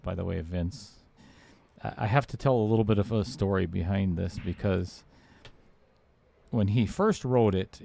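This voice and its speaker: A man hosting casual live commentary on a pool match, chatty and quick to laugh. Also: on the low side, gravelly, a little mellow. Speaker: pool stream commentator and host.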